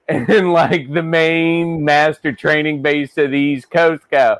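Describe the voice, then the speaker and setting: A man from western Pennsylvania hosts a relaxed live-stream chat, his voice pitched a little high for a man. The sound is close and dry, and he talks freely, laughing often. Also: slow pace, smooth, dry recording. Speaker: host.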